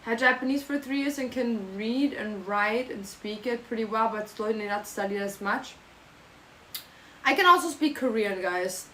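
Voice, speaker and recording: Pushed and bright, her fairly high voice moves at a moderate pace as this young streamer with a German accent jokes around, reads her live chat, and switches into silly mock phrases. There's slight background noise, and the recording is rough.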